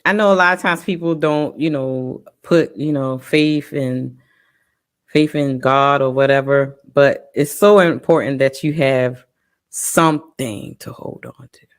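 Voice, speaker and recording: A woman co-hosting a parents' talk show, telling a personal story in an emotional, halting way with many pauses and restarts. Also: very deep voice. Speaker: parent co-host. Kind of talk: casual personal testimony.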